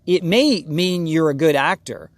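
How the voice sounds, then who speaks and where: A man's voice: fairly high pitch, animated, unhurried, no echo. A man coaching actors in an emphatic, conversational way, often acting out brief voices of casting people. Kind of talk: direct-to-camera acting advice.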